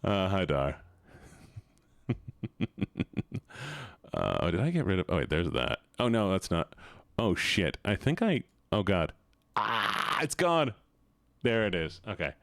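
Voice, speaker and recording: A man's voice: deep voice, sing-song, moderate pace, gravelly, fairly bright tone, no room sound. A man chatting casually on a live stream, rambling, swearing and joking with his viewers.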